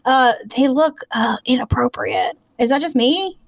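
A young woman with a light Southern American accent, chatting loosely with plenty of fillers and giggles. Her voice sits fairly high, and it is recorded close and dry with no room sound. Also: lively intonation, a little slow, gravelly, no room sound. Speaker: podcast co-host. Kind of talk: casual chat.

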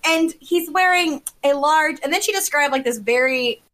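A woman chatting casually, telling a lively story, acting out what people said and laughing often. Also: high voice, moderate pace. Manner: animated storyteller who acts out quotes and laughs often. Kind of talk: casual chat.

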